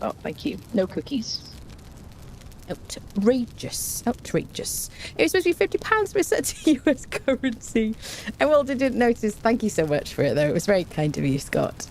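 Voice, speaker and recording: A woman's voice: mid-range voice, a little mellow, a little hiss or hum. A woman chatting casually on a game live stream, rambling and thanking viewers by name.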